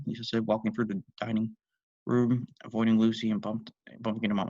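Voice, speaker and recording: A man's voice: on the low side, completely flat delivery, quick pace, a little mellow, no room sound. A man casually reading fanfiction aloud, breaking off with irreverent, swearing asides. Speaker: youtube reader and reviewer. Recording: dry dull lo-fi home mic.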